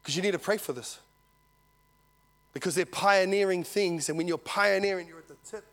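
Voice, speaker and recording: A high-pitched male pastor preaches at a moderate pace. He tells a story to his church with lively energy, acting out what each person says, and calls out "Amen?" to the congregation.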